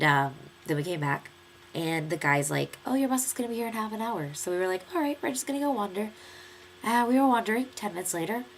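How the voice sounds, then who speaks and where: A woman's voice: lowish voice, gravelly, slight background noise. A young American woman in her twenties with a stuffy nose from a cold, telling a long story in a chatty, rambling vlog with lots of fillers. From United States. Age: 20s. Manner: chatty, lively storytelling with many fillers and acted quotes. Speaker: vlogger.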